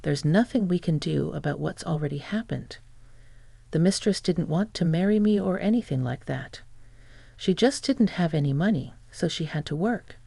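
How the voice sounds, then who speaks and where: A text-to-speech reader voicing an older, callous father-in-law who turns to pleading, in a flat delivery. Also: on the high side, normal speed, creaky, no room sound. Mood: dismissive.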